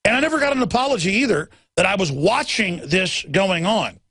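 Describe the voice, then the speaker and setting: A man's voice: sits high, very animated, a little fast, pushed and bright, breathy edge, no room sound. A middle-aged male talk show host delivering an impassioned monologue. He rants and acts out other people's lines as he goes.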